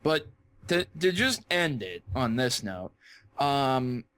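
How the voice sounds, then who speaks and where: A young man co-hosting a podcast in casual chat, joking and laughing with quick bursts of excitement. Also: mid-range voice. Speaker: podcast co-host.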